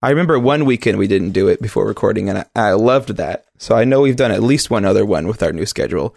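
A man's voice: on the low side, lively intonation, fast, vocal fry, darkish tone, no room sound, studio quality. A man co-hosting a casual video game podcast while sick with a cold, rambling playfully and correcting himself as he goes. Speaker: podcast co-host.

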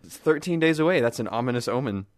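A young adult man hosting a casual gaming podcast, chatty and relaxed, laughing easily. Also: mid-range voice, fast talker, no echo, studio quality. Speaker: podcast host.

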